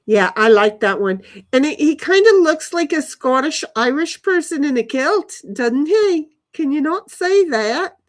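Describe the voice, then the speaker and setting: A woman's voice: sits high, animated, a little slow, few pauses. A woman live streaming from her backyard, rambling casually to herself and her chat and swearing now and then. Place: backyard, outdoors.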